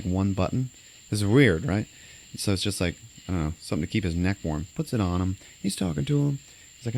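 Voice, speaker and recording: Man, lowish voice, loose podcast recap host, rambling, tosses in voices for scenes. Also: creaky, a little mellow. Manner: rambling, many fillers, acts out quotes. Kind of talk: casual movie recap chat.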